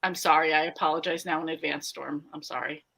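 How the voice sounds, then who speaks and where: A woman in a relaxed online chat reads viewer comments aloud and jumps in with quick jokes. Her voice sits fairly low but sounds bright and sharp. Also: vocal fry, husky. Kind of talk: casual chat on a livestream.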